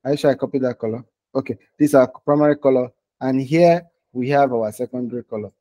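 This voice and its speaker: A man's voice: mid-range voice, fast talker, dark tone. A man teaching design in a casual live online lesson, talking while he clicks through screens and often checking in with "okay?" and "right?". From Nigeria. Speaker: design instructor.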